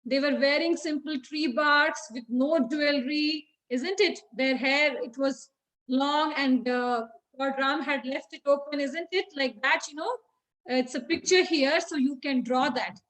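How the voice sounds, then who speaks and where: A woman's voice: high voice, measured pace, fairly bright tone, poor audio. A woman, teaching children by retelling a story in a chatty way, with many fillers and questions to the class.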